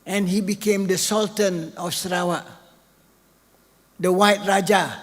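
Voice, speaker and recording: This older man's voice sits high and moves at a normal speed as he delivers an improvised keynote in a big hall with lingering reverb. Chatty throughout, he keeps turning to the audience with "right?"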